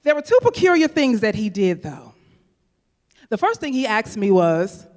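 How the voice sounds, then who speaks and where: A woman's voice: a little high, big pitch swings, normal speed, a little mellow. A woman from St. Louis telling a personal story live, chatting straight to the audience. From St. Louis, USA. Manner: chatty, addresses the audience directly. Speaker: storyteller, speaker. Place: event venue stage. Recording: long hall reverb.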